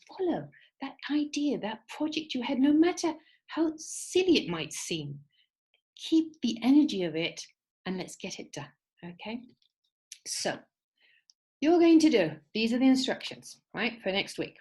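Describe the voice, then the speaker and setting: Her voice sits at a medium pitch with a darkish tone and a sing-song lilt, delivered at normal speed over poor audio. As the teacher of an online creativity workshop, she encourages her listeners through the instructions and keeps checking in with a repeated "okay?" She also voices the quoted speech in a fable she tells.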